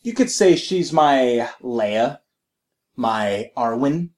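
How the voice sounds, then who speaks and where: A man's voice: mid-range voice, lively intonation, a little mellow, voice pushed down. A man putting on a pompous nerdy gamer. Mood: mock-solemn. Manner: slow, drawn-out, mock-solemn delivery. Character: pompous nerdy male tabletop gamer, grandly self-serious.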